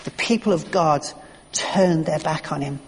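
Middle-aged preacher, earnest storytelling, voice a bit high, long echo in church. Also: male voice, a little slow. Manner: earnest, anecdotal, with fillers and restarts. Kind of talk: sermon.

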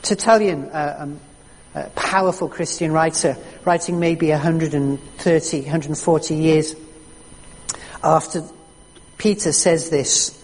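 A preacher delivering a sermon with slow, emphatic storytelling. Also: medium pitch, fairly even intonation, slightly rough. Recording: echoey hall reverb.

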